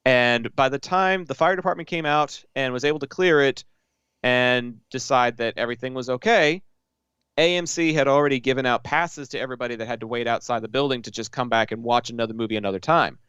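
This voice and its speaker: A man co-hosting a podcast, casually chatting and retelling stories with animated quoted asides. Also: mid-range voice, fairly quick, smooth, dry recording. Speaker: podcast co-host. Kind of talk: casual chat.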